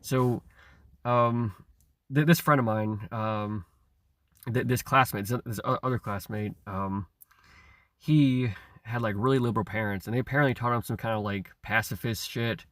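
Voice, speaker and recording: An online commentator with a lowish, slightly bright voice goes on a rambling, profane rant at a normal pace. He stammers, repeats himself and chuckles between phrases. The recording is studio quality with no room sound.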